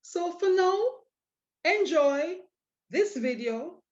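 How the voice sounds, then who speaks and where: A woman teaching a language lesson, explaining step by step with patient, drawn-out examples and rhetorical questions. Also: very high voice, lively intonation, a little mellow. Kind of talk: slow, deliberate lesson explanation. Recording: dull, lo-fi audio.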